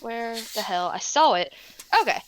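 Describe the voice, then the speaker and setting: A woman narrating as game master of a tabletop game, halting and restarting often with frequent laughs. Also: fairly high pitch, lively intonation, noisy background.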